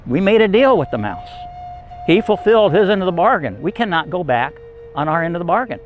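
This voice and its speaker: A man's voice: high-pitched, big pitch swings, a little fast, faint music behind, rough recording. A man doing a pleading village elder. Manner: pleading, repetitive.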